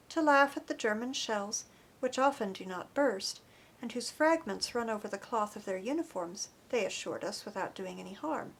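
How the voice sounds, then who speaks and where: A woman reading an audiobook chapter in an earnest, expressive narration. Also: fairly high pitch. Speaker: audiobook reader. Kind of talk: scripted narration.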